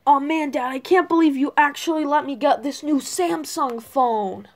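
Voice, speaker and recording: A woman's voice: sits high, moderate pace, voice pushed up. A woman voicing a spoiled, whiny young male turtle prince who pleads and gushes in a homemade toy skit. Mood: eager.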